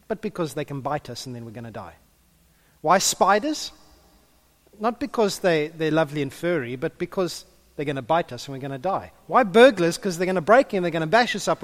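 A man preaching a sermon, telling stories and chatting with the congregation. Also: fairly high pitch. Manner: storytelling, animated, chatty with the congregation. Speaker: pastor.

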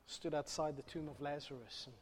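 A man preaching a sermon, swinging between loud, fervent calls and hushed, low asides. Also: fairly even intonation, fairly quick, slight background noise. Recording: long hall reverb.

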